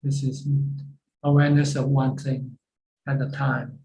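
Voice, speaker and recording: A man teaching as a Buddhist monk, answering questions over a video call in a plain, halting way. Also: mid-range voice, flat delivery, gravelly, warm tone, roomy sound, poor audio. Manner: plain, repeats words while searching for phrasing. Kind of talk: dharma talk answering questions.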